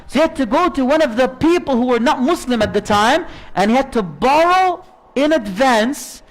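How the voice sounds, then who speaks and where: Brief: male preacher with a very high voice, animated and conversational, telling a story in a sermon. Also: moderate pace.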